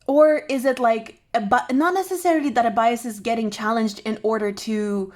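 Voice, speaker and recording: Musing higher-voiced woman tarot reader. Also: normal speed. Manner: musing, thinking aloud with frequent restarts. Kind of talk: intuitive tarot reflection to camera.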